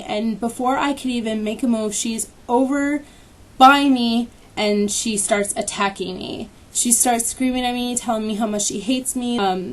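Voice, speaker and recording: Young woman, story-time vlogger, fairly high voice, blunt and swearing, lots of ums and likes, voice slightly distant from the mic. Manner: candid, swears freely, many fillers. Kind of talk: casual story-time retelling.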